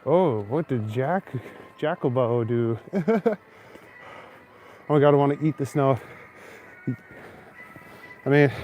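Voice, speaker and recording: A young Canadian livestream host walks snowy city streets at night holding a phone camera, chatting casually and answering viewers' comments. He speaks at medium pitch with lively intonation, a slow pace, and long pauses. His voice is a little mellow, and there is a little hiss or hum.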